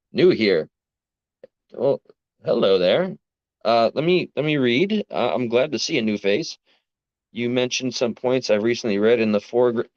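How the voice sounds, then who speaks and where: A man's voice: on the low side, no echo. A man with a New York accent, ranting earnestly and rambling to his live chat late at night, tired after a long workday. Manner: rambling, self-interrupting, earnest. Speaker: livestream host. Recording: dry, dull lo-fi sound.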